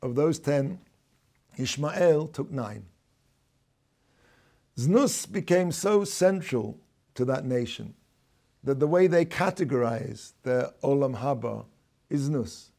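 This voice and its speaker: Mellow-voiced man teaching a class. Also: mid-range voice, lively intonation, creaky. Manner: deliberate, stops to explain terms and corrects himself; reads out quoted passages in a raised voice. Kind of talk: explanatory lecture.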